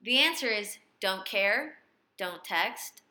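A young woman co-hosting a casual chat, telling stories in an animated way and swearing freely. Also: mid-range voice, slow. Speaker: podcast co-host.

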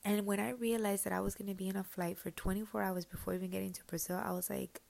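A woman giving a personal faith testimony, switching between Spanish and English mid-sentence in a soft, confiding way that often sinks to a whisper. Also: mid-range voice, flat delivery, fast, vocal fry, few pauses. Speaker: church member sharing her testimony.

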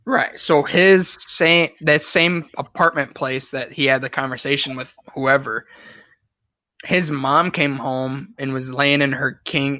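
A man's voice: medium pitch, pushed and bright, no room sound, lo-fi sound. A young man in his twenties telling a story casually on a podcast, laughing often and swearing. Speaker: podcast host.

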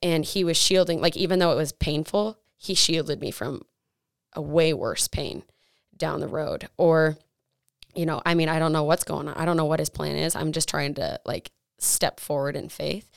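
Young woman co-host, low and gravelly, earnest testimony, dry sound. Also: moderate pace, no room sound. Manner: earnest testimony, many likes and restarts. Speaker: podcast co-host. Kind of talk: faith podcast chat.

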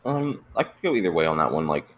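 A man's voice: very deep voice, sing-song, quick pace. A man co-hosting a casual podcast, having just woken up, eating and talking in a laid-back, hesitant way. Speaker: podcast co-host. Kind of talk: casual chat.

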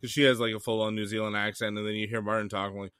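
Man, from Canada, bright firm voice, easygoing, teasing, short replies. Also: lowish voice, level tone, racing, clean tone, dry recording, clean studio sound. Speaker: podcast co-host. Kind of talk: casual chat.

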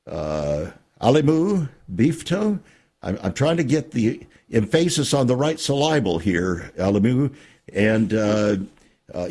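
A man hosting a Christian radio talk show, preaching with emphasis and dramatic pauses. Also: medium pitch, darkish tone, slightly rough. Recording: radio studio.

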